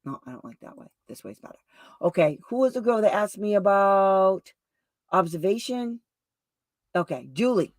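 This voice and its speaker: A woman hosting a show as a special education advocate, telling stories in a chatty, rambling way with asides and quick restarts. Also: medium pitch, sing-song, dry recording. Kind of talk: casual storytelling livestream talk.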